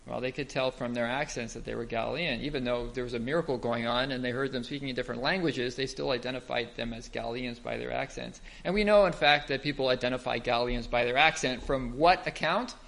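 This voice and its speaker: A man teaching from scripture in a mid-range voice, neither high nor low. He explains things step by step and keeps checking in with his listeners through rhetorical questions. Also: fast, gravelly, hardly any pauses, fairly bright tone. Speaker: Bible teacher. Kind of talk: Bible teaching talk.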